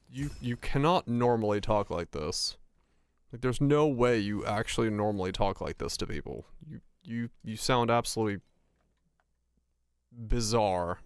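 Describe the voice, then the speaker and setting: A man's voice: fairly low pitch, clean tone. A young man chatting casually while gaming, rambling in a profane way with lots of stammered restarts. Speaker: streamer.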